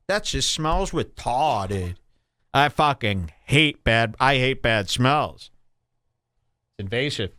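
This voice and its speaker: Guy ranting on his podcast, super animated voice, mocking, dry close mic. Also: slow pace, no echo. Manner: exaggerated, mocking, swings between loud and low. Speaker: podcast host. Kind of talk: comedic rant. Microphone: studio microphone.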